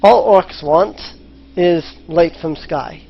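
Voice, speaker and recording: A gruff captive minotaur mangles his grammar in short, blunt phrases, as a man puts him on. He talks slowly in a slightly raised voice. The sound is muffled and lo-fi, with faint hiss behind. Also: a little high. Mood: wary. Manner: speaks in broken caveman grammar. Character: gruff male minotaur captive, broken speech. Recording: lo-fi voice chat with faint noise.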